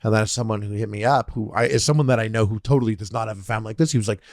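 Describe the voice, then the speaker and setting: A man's voice: lowish voice, very fast, darkish tone, no room sound. Man in casual podcast banter, dry close sound. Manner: storytelling, acts out voices of people he quotes. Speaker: podcast co-host.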